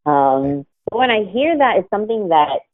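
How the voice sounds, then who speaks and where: A woman's voice: medium pitch, sing-song, normal speed. A woman with a General American accent, a podcast host talking casually and laughing often. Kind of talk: casual conversation. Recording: tinny phone-like audio.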